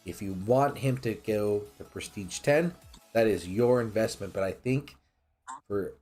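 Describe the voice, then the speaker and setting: A man's voice: on the low side, a little slow, warm tone, faint music behind. A man hosting a live game stream, chatting casually, swearing now and then and reading chat aloud.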